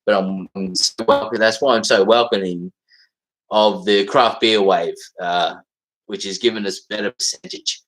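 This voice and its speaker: A man's voice: on the low side, fairly even intonation, normal speed, fairly bright tone, low-quality recording. An Australian man hosting a livestream, chatting casually in a rambling, blunt way and swearing freely. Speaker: livestream host.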